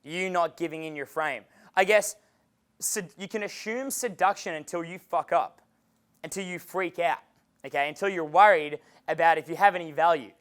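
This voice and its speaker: A man's voice: on the high side, normal speed, clean tone. A man giving a live dating seminar as coach, talking with energy and swearing freely. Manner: energetic and profane, acting out quotes. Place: seminar room.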